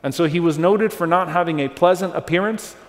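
A man's voice: high voice, fairly quick. A man giving a religious lecture on early Islamic history, explaining patiently, repeating names and checking in with his listeners. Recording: long hall reverb.

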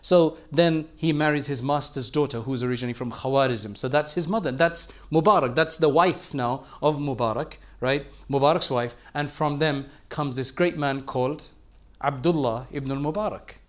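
A man preaching in a storytelling way, acting out the speakers in his tale with lively voices and frequent restarts. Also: mid-range voice, normal speed. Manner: animated storyteller, acts out dialogue, frequent restarts. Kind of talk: storytelling religious talk.

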